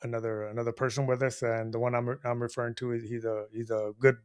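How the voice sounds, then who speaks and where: A man hosting and telling a bar story to an audience, animated and laughing often, with frequent "you know what I mean". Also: medium pitch, fast, clear, resonant tone. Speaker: storyteller host.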